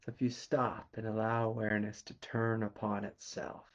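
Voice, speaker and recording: A man from Kentucky with a Southern accent, a spiritual teacher giving a slow, meditative satsang talk and asking quiet questions between soft laughs. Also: fairly low pitch, little pitch movement, dull audio. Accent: Southern American. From Kentucky, USA.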